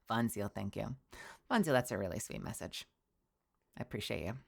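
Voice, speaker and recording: A woman's voice: extremely low pitch, sing-song, a little slow, gravelly, slightly rough. A young woman streaming casually, bubbly and rambling, often laughing. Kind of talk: casual livestream chat.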